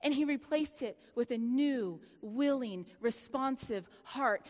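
A woman preaching a sermon, telling a personal story with lively laughter and sudden hushed, dramatic drops. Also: a little high, unhurried, hardly any pauses, long reverb tail.

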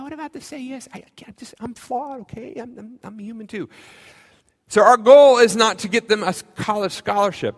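A man's voice: fairly high pitch, a bit bright. A man preaching a conversational sermon as pastor, mixing in self-deprecating humor. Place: church sanctuary. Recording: long reverb of a church hall.

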